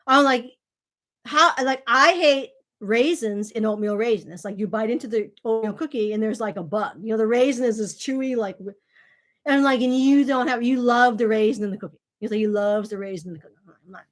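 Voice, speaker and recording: Chatty rambling woman, slightly high voice. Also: brisk. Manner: rambling, chatty, many fillers, acts out quoted voices. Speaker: channel host. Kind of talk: casual monologue to viewers.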